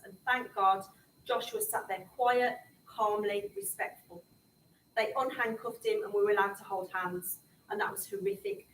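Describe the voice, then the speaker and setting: A woman's voice: mid-range voice, a bit bright, slight background noise. A middle-aged woman telling her story to young people in an impassioned public talk. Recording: echoey room, speaker far from the mic.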